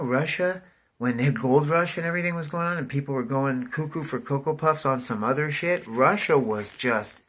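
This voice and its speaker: A man's voice: medium pitch, pushed and bright. A man in his forties from California, rambling casually to the camera, swearing and saying "dude" constantly. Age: 40s. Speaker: vlogger.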